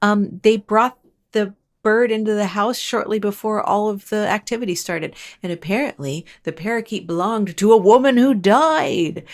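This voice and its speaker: A woman hosting a paranormal storytelling show, narrating casually and chattily with wry asides and quick self-corrections. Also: medium pitch, gravelly. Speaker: host of a paranormal storytelling channel.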